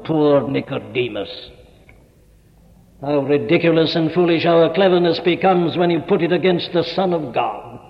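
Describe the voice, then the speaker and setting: A man's voice: fairly high pitch, moderate pace. A man preaching a sermon, emphatic and repeating phrases for effect, recorded in a large hall. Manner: emphatic, rhetorical repetition. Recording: dull echoey hall recording.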